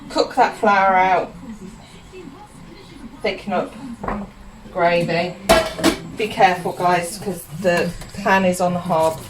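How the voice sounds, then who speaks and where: A woman's voice: medium pitch, noisy background. A British woman vlogging as she cooks a roast dinner in her home kitchen, chatty and giggly, explaining each step to her viewers. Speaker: cooking vlogger. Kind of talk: casual cooking walkthrough. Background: background music and pans.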